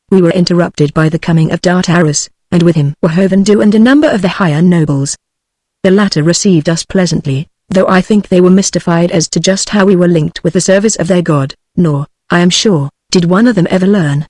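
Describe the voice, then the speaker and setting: A text-to-speech voice of a British woman reading a novel aloud in first person, with a steady machine cadence. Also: lowish voice, fairly quick, no room sound. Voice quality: synthetic, even machine cadence. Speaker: audiobook narrator.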